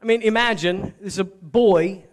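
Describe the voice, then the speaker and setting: A man's voice: sits high, normal speed. A man preaching a sermon as pastor, telling a scripture story in a conversational way with joking asides to the congregation. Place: church sanctuary.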